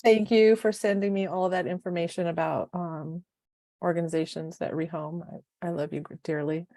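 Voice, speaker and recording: Expressive woman life coach, dry sound. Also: lowish voice, normal speed, dry recording. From United States. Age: middle-aged. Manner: emotional, expressive, rambling. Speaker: life coach, podcast co-host. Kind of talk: casual podcast chat.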